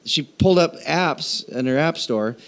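Man preaching with lively storytelling. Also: on the high side. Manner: storytelling with animated quoted voices; halting, with fillers and restarts. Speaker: pastor. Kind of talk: sermon.

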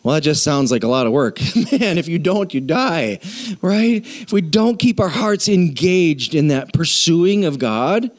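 A man's voice: fairly high pitch, animated, a little slow. A male pastor preaching an earnest, conversational sermon with emphatic build-ups.

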